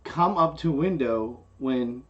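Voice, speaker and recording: A man's voice: mid-range voice, slow pace, muffled recording, crowd noise. A man telling a story in casual chat, acting out the people he quotes. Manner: animated, acts out the people he quotes. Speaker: co-host.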